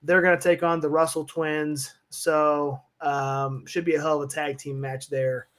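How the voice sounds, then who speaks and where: An easygoing man runs through a wrestling card on a live stream, dropping plenty of fillers along the way. His voice sits a little higher than most men's. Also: little pitch movement, measured pace, fairly bright tone. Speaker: podcast co-host. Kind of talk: casual live-stream chat.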